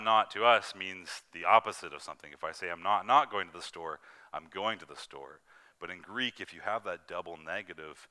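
A man preaching an earnest, emphatic sermon, slowing down to stress scripture quotes. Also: low voice, pushed and bright.

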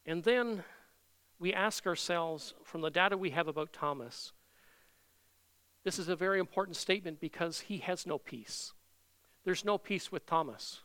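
A man preaching an expository sermon, reading scripture aloud earnestly and slowing down to stress the quoted words. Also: high voice, sharp tone, clear, resonant tone.

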